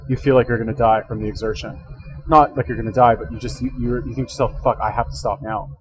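A man's voice: medium pitch, fairly even intonation, fast talker, husky, rough recording. Rambling man on a headset. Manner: rambling, thinks aloud, self-correcting. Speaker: reaction video host. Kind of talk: casual commentary.

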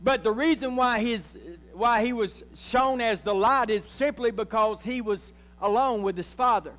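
A man's voice: very high-pitched, normal speed, fairly bright tone, big-room sound. A man, a pastor, preaching a sermon and calling out to his congregation. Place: church sanctuary.

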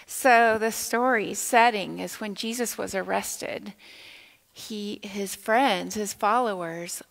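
A woman leading children's time in a church, telling a Bible story in an animated way, asking the children questions and sometimes dropping to a whisper. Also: mid-range voice, slow pace, creaky, low-quality recording. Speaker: children's minister. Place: church sanctuary.

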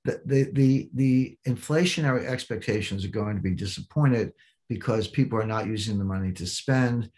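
An older man walks through economic charts in a measured, explanatory tone. His voice sits on the lower side, and he often pauses with ums and restarts his sentences. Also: a little mellow. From United States. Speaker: economic commentator.

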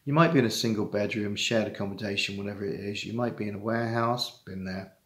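A middle-aged man with an earnest, halting manner, talking straight to fellow fathers in a heartfelt personal monologue. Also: lowish voice, fairly bright tone, reverberant. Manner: earnest, halting, with many restarts and repetitions. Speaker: father giving advice to estranged dads.

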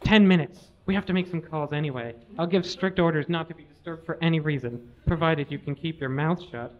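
A man voicing a calm, soothing middle-aged male president who speaks in a low, gentle murmur, on a slightly muffled live recording. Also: fairly quick, natural voice.

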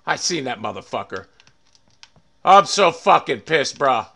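Gravelly, agitated male game streamer. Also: mid-range voice, sing-song, unhurried, bright, forceful tone. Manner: angry, ranting, swearing, muttering. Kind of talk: live game streaming commentary.

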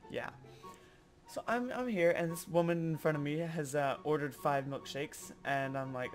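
Animated young man telling a story. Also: a little high, normal speed, soft background music. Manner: animated, acts out customers in exaggerated voices. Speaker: vlogger. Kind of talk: casual storytelling vlog.

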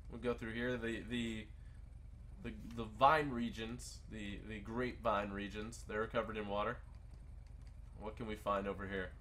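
A young man giving excited commentary while playing a video game, often breaking into loud bursts of surprise. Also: on the low side, slight background noise. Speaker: gaming YouTuber.

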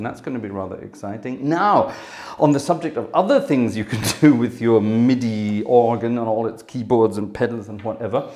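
A man's voice: mid-range voice, a little mellow. A man from Britain, hosting his organ channel, giving a rambling casual update with lots of ums and yeses, a bit out of breath. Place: music room.

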